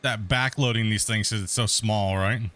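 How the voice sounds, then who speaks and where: This let's play host is a middle-aged man chatting loosely over a multiplayer game, often starting his sentences over as he rambles through casual commentary. He speaks at a normal speed in a lowish, steady, fairly bright voice.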